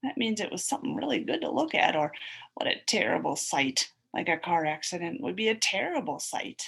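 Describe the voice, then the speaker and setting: A woman teacher giving a phonics lesson to young children over a video call, sounding out letters slowly and clearly. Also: on the low side, sing-song.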